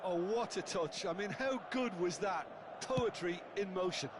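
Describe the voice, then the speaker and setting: A man's voice: high voice, expressive. Analytical male football co-commentator. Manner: measured, analytical remarks. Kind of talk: sports commentary from a video game. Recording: loud background noise.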